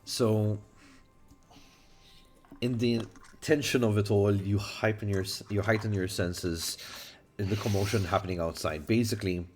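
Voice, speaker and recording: A man from Malta narrates a tabletop role-playing game as game master. His voice sits low, and he talks in halting bursts with fillers and restarts. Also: fairly even intonation, a little mellow, soft background music.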